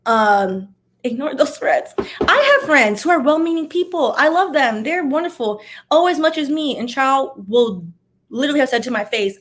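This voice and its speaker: A woman in her thirties talks straight to her viewers during a live question session. Her voice sits a little high, and she chats freely and with plenty of energy. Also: normal speed. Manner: chatty and animated, calls viewers "child" and "y'all". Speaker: YouTuber answering viewer questions. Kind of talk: casual livestream chat.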